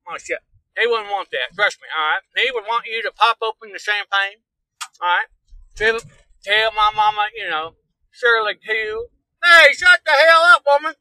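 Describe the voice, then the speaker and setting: A man's voice: high voice, sharp tone, no echo, low-quality recording. A man with a rural Kansas drawl doing a crude, rambling comedic hillbilly tour-guide act while driving on a live stream. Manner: rambling, crude, mock-folksy joking. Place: inside a car while driving.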